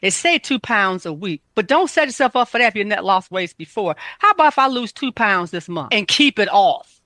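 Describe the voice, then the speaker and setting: A woman's voice: medium pitch, animated, a little fast, a bit bright, no echo. A woman health coach giving casual, emphatic self-care advice, repeating her points.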